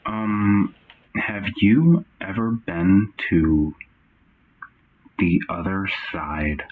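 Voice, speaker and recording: Man interviewer, very low voice, slow hesitant questions, dull lo-fi mic, faint hiss. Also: breathy edge.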